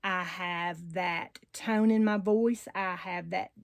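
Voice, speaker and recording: A woman with a deep Southern country accent, chatting casually and at length to her viewers as a doll channel host. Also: steady tone, slow pace, gravelly, no room sound. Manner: chatty and rambling, warm Southern slang.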